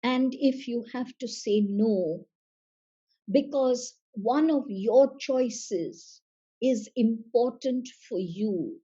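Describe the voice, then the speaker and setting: A woman speaking as a seminar facilitator, in a measured, emphatic way that repeats phrases for weight. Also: a little high, dark tone, slightly rough, dull audio. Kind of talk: slow motivational seminar talk.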